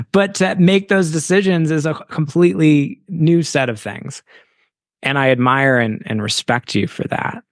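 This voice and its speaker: A man with a gravelly, fry-tinged voice hosts a coaching interview. He speaks in a measured, reflective way and affirms his guest. The sound is close and dry. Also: on the high side, no echo. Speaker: business coach and podcast host.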